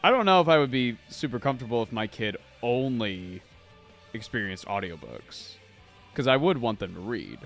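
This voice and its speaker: A man's voice: medium pitch, very animated, moderate pace, gravelly, fairly bright tone, faint music behind. A man co-hosting a podcast, chatting casually and reading out viewer comments in a loose, rambling, profane way. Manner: loose, rambling and profane, with lots of "like" and "I don't know". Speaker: podcast co-host.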